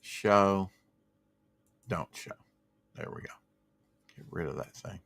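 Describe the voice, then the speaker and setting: A man with a somewhat low voice hosts a relaxed livestream from his home computer, wandering between tech gripes and comic-book trivia. He reads viewer comments aloud in an easygoing, rambling way. The sound is dry and close, with no room echo. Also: slow pace, vocal fry. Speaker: podcast host. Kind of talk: casual livestream chat about comics.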